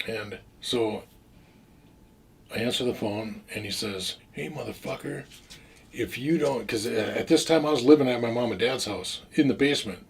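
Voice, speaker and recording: A man's voice: lowish voice, moderate pace, slight background noise. A man casually telling a story from his own past, rambling with restarts and frequent swearing. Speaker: storyteller recounting his past as a drug dealer.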